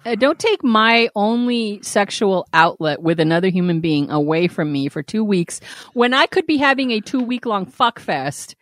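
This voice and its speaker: A woman co-hosting a podcast, telling a story in a lively, profane way and acting out the quoted lines. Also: medium pitch, normal speed, no room sound, clean studio sound. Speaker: podcast co-host. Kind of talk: casual podcast chat.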